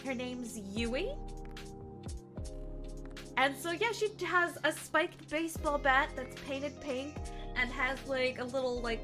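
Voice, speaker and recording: A woman hosting a stream, chatting excitedly with friends and swearing freely. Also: sits high. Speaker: streamer host. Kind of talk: casual chat with chat and friends. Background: background music.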